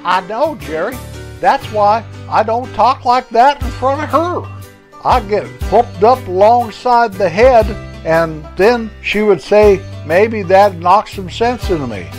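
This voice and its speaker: A man doing a high-pitched old country fellow, talking slowly and folksy as he rambles on. He is chatty and jokey, tripping over his words now and then in this storytelling skit. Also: expressive, soft background music. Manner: rambling, homespun, self-correcting.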